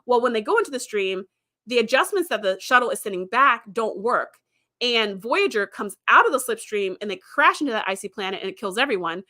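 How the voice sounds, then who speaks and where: A woman's voice: fairly high pitch, lively intonation, a little fast, bright, forceful tone. A woman host recapping episodes in a chatty way, with fillers and quoted lines acted out. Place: streaming setup.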